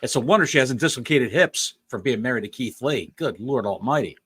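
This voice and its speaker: Wisecracking man with a lively voice. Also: medium pitch, fairly quick, slightly rough. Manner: wisecracking, calls people "pal". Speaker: podcast co-host. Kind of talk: casual wrestling chat.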